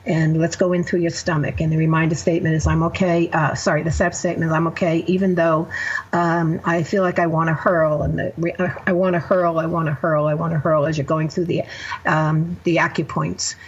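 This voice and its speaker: A woman's voice: low-pitched, little pitch movement, brisk, dull audio, slight background noise. A woman therapist guest on a podcast, explaining her method step by step with examples. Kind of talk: podcast interview.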